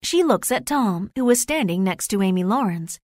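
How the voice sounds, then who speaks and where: A woman reading the narration of a graded storybook, slow and clear. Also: medium pitch, animated, a little mellow, dry recording, clean studio sound. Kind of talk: scripted narration of a graded reader.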